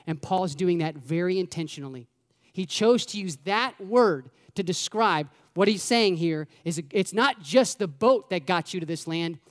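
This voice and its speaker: A male pastor preaching a sermon in an animated, conversational way, full of rhetorical questions. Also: sits high, big-room sound.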